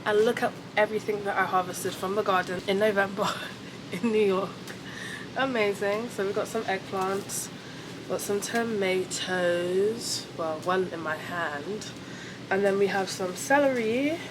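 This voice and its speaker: A woman's voice: medium pitch, unhurried, noisy background. A young woman chatting playfully to a handheld camera as she vlogs her day, often laughing at herself. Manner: playful, giggly, self-amused. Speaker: lifestyle vlogger. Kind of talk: casual vlog chat to camera. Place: city garden and indoors. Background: music playing.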